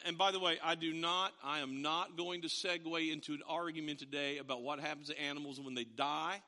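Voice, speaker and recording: A man preaching a sermon, telling a family story with animated, acted-out quotes. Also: a little high, a little fast, hardly any pauses, in a large hall. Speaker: pastor.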